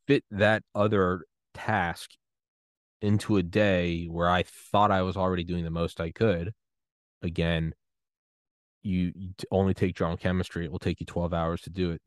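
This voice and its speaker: A man hosting his own podcast, delivering a rambling, profane solo rant that gets animated when he is riled up. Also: low-pitched, no echo, clean studio sound. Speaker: podcast host.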